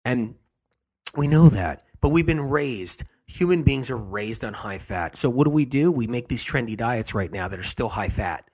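A man with a husky, slightly rough voice hosts a health show. He talks with emphasis and hammers the same phrases again and again to drive his points home. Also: mid-range voice, animated, moderate pace, a little mellow. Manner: emphatic, repeats key phrases over and over.

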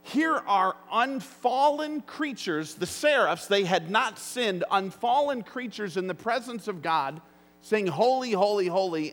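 Slow, earnest preaching man in a hall. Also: sits high, a bit bright. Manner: earnest, emphatic preaching with slow, deliberate phrasing. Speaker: pastor. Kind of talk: sermon. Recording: long reverb of a large hall.

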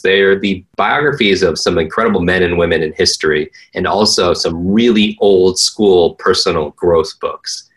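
A man's voice: deep voice, moderate pace, few pauses, fairly bright tone, poor audio. A man, a learning coach, telling a personal story earnestly in conversation, with frequent restarts and fillers. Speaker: interview guest, learning coach.

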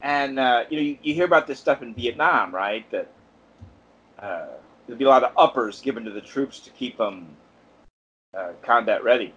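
A man's voice: mid-range voice, expressive, moderate pace, a bit bright, husky. A man co-hosting a casual podcast, rambling through his ideas with lots of asides. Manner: rambling, thinks aloud with many asides. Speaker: podcast co-host. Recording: dull lo-fi podcast audio.

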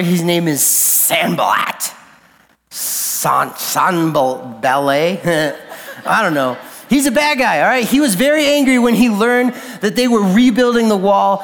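A male youth pastor gives a sermon in a high, light voice, talking loose and slangy, then pushing hard on the big points. His voice rings out through a large hall with a long reverb tail. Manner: casual and slangy, building to emphatic peaks.

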